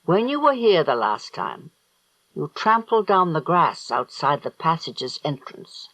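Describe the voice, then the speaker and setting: A man's voice: a little high, a bit bright, dry recording, full character voice, rough recording. A man reading an audiobook, voicing a cold, vengeful evil sorcerer with a harsh, grating voice. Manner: slow, menacing, gloating.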